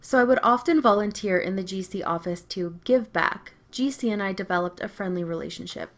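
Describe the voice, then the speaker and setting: A woman's voice: mid-range voice, a little fast, fairly bright tone. A young adult woman reading an online story aloud with a wry, storytelling delivery. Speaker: story narrator.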